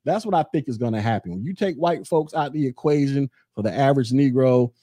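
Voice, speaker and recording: A man's voice: mid-range voice, animated, brisk, warm tone, dry recording, studio quality. A man hosting a solo podcast, delivering a sarcastic, ranting opinion commentary straight to his listeners. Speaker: podcast host.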